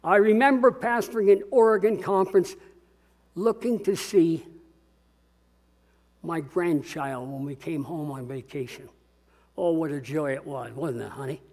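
An older man preaching a sermon as pastor, earnest and swinging between quiet reflection and rousing call-and-response. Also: fairly high pitch, a little slow, long pauses.

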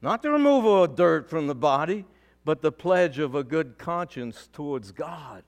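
A male pastor delivering a sermon, preaching with emphatic rises and sudden quiet drops. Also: fairly high pitch, expressive, moderate pace.

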